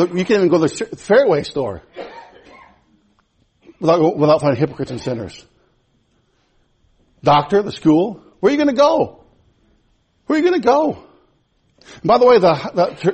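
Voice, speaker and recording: A man preaching a sermon in a church, impassioned and repetitive, swinging from loud to hushed. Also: fairly high pitch, breathy edge. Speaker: pastor.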